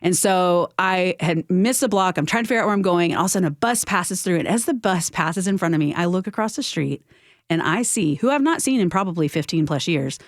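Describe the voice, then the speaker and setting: A woman's voice: lowish voice, animated, fairly quick, dry recording, studio quality. Texan woman telling a heartfelt story. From Texas. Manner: warm, emotional storytelling with acted quotes. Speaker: guest. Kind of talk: interview, personal storytelling. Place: radio studio.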